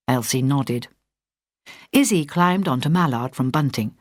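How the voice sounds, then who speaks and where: A woman narrating a story in a measured storytelling voice, close to a studio mic. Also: rumbling low, expressive, a little mellow, dry recording. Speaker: audiobook narrator. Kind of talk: scripted narration.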